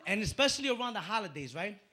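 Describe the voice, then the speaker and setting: A man from the Dominican Republic doing a stand-up comedy set on a club stage into a handheld mic, telling stories with punchy, animated delivery. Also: high voice, fast talker. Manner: punchy, animated storytelling with acted-out voices.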